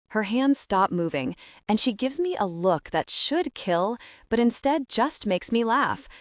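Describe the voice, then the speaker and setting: A woman narrating a romance audiobook in the first person, with a lively, expressive read. Her voice is middle-pitched and moves freely. The studio sound is close and dry. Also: no room sound.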